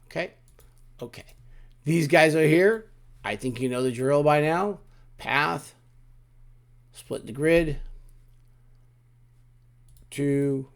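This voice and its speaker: A man teaching a software tutorial, talking casually through each click with frequent restarts and asides. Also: on the high side, vocal fry. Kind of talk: screen-recorded software walkthrough.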